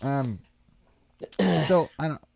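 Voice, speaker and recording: A man hosting a casual online show, relaxed as he reads out viewer messages. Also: medium pitch, slow pace, no echo. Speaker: host. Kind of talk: casual chat.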